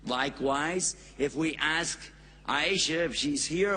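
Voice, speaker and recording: A man's voice: on the high side, slow pace, bright, forceful tone. A man with an American accent giving a public Islamic lecture, folksy and joking, stressing words for emphasis. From United States. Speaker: Islamic preacher. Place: lecture hall in India.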